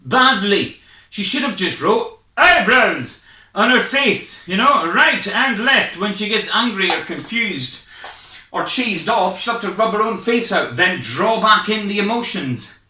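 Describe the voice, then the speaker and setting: A man's voice: high voice, sing-song, a little slow, sharp tone. A Scottish man doing a hyper, rambling, self-mocking stand-up set from his home over a webcam, out of breath. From Scotland. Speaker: stand-up comedian. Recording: echoey room, far from mic.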